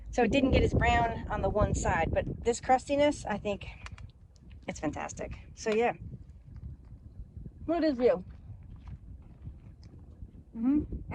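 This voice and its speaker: A woman's voice: on the high side, warm tone, a little hiss or hum, rough recording. Chatty woman cooking outdoors. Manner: chatty, thinking aloud while cooking. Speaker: cooking vlogger. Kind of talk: casual cooking demo. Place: outdoors by a camper.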